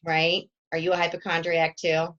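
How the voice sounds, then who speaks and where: A woman's voice: lowish voice, completely flat delivery, normal speed, fairly bright tone, lo-fi sound. A woman in her forties, a team coach giving a chatty, emotional motivational talk, laughing often. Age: 40s.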